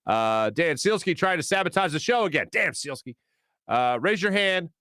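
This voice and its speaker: Chatty man hosting a lively radio show. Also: a little high, no echo, studio quality. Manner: chatty, rambling, reads viewer comments aloud with quick asides. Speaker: sports radio host reading live chat. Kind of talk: casual morning show chat. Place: radio studio. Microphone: studio microphone.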